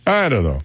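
A man's voice: medium pitch, a bit bright, breathy edge. Wry joking radio host, man. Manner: wry, joking, drawn-out delivery. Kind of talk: casual radio chat about odd news. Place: radio studio.

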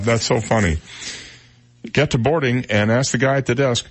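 A man's voice: medium pitch, a little fast. A man hosting a radio talk show, chatting and joking as he reads out news stories.

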